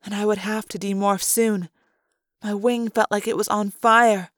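A woman narrating a novel in the first person, calm and steady, in a fan audiobook. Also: mid-range voice, measured pace, no echo, clean studio sound. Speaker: audiobook reader.

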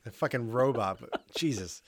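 A man co-hosting a podcast in relaxed, teasing chat, laughing often and swearing. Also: mid-range voice, moderate pace. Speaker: podcast co-host. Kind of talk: casual chat.

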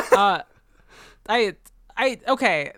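A woman co-hosts a casual book-discussion podcast, rambling with plenty of fillers and restarts and laughing often. Her mid-range voice is animated, very slow and fairly bright, recorded with studio quality and no room sound.

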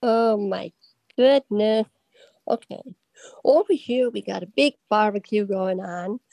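A woman's voice: medium pitch, slow, vocal fry, a little mellow, no room sound. A woman narrating her part of an improvised story in a playful, rambling way.

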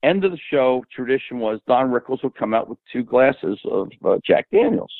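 An older man as a podcast guest, rambling and animated as he tells stories and quotes people. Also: medium pitch, moderate pace, gravelly, no room sound. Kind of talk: casual storytelling. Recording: tinny phone-like line.

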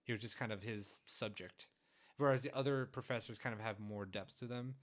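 A man chatting casually about a film, relaxed and agreeable, thinking aloud as he goes. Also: on the low side, fairly quick.

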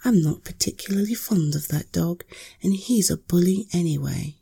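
A woman voicing a bold, mischievous cat in a calm, sly whisper for a bedtime story. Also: on the low side, normal speed, vocal fry, husky, full character voice.

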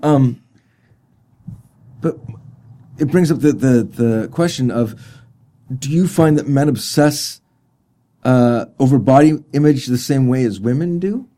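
A man's voice: mid-range voice, a little slow, long pauses, mellow. A man hosting a studio podcast, asking questions casually and laughing easily. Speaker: podcast host.

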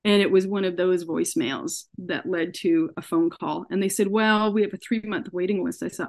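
A woman's voice: on the low side, steady tone, moderate pace, few pauses. A woman, a podcast guest, earnestly telling a personal story and acting out what people said to her. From Canada. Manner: earnest, recounts events by acting out quoted dialogue. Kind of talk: personal story told in an interview.

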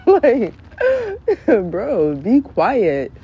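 Blunt, profane woman with a dark voice. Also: moderate pace. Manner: blunt, profane, mimics her kids in high voices. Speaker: podcast host. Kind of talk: casual comedic monologue. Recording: dull lo-fi sound with faint background noise.

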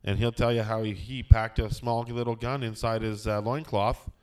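A man's voice: lowish voice, fairly even intonation, normal speed, darkish tone, clear, resonant tone. A man hosting a casual podcast chat, rambling through stories with lots of fillers and restarts. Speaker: podcast host.

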